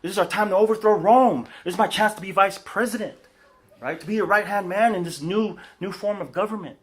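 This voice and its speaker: A man's voice: sits high, fairly quick, pitched above the performer's own voice, lightly acted. A man voicing an impetuous young male disciple, a fighter pleading his case in a sermon retelling. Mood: eager, pleading. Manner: eager, pleading.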